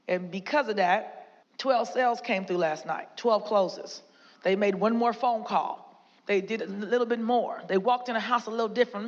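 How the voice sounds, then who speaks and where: A woman's voice: mid-range voice, normal speed, highs cut off. A woman sales leader giving a blunt, emphatic motivational talk to a live audience in a conference hall. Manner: blunt, emphatic, drill-sergeant pushing. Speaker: sales team leader speaking to her agents.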